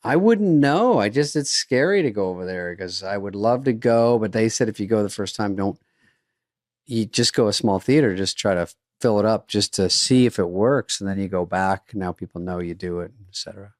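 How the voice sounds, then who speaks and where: A man's voice: on the low side, moderate pace, darkish tone, no echo. A man in his sixties co-hosting a podcast in casual chat, with a dry, offhand delivery. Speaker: podcast co-host.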